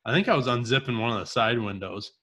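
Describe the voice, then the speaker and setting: A man's voice: medium pitch, fast talker. A man co-hosting a casual podcast, telling a hunting story and acting out the dialogue of the people in it. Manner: animated storyteller, acts out quoted dialogue. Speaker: podcast co-host.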